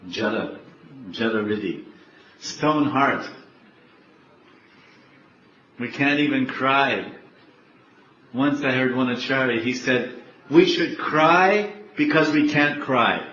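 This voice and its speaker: An older man, a spiritual teacher, giving a devotional lecture slowly, repeating words and laughing often. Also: mid-range voice, bright, forceful tone. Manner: slow, repetitive, laughing often. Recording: echoey, dull, faint background noise.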